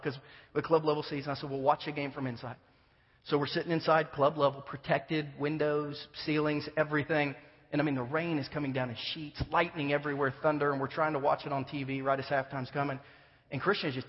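A man preaching a sermon, telling a story and acting out the voices of the people in it. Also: a little fast. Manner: animated, acts out dialogue with rising pitch. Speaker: pastor. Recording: dull sound with long reverb.

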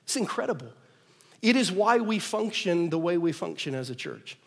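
Preacher, male, slightly high voice, emphatic delivery with soft asides, church hall reverb. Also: very animated, moderate pace, vocal fry. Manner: emphatic preaching, big swings from loud declarations to soft asides. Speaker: pastor. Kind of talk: sermon. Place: church auditorium.

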